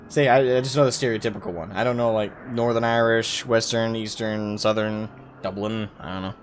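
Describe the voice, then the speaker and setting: Chatty swearing game streamer. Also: male voice, fairly low pitch, steady tone, brisk. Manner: chatty, swears freely, mock-reads game dialogue. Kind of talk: casual live gameplay commentary. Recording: faint game music behind.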